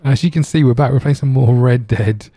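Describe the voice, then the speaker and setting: A man's voice: mid-range voice, fairly quick, mellow, husky, dry recording. A man casually commenting on a game he is streaming, chatty and joking as he rambles along. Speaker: gaming streamer.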